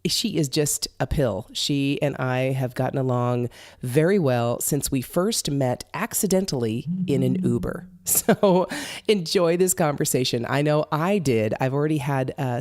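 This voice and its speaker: A woman's voice: very deep voice, a little mellow, no echo. Chatty podcast host woman, dry sound. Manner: bubbly, chatty, many fillers. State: recovering hoarse voice. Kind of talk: casual podcast chat.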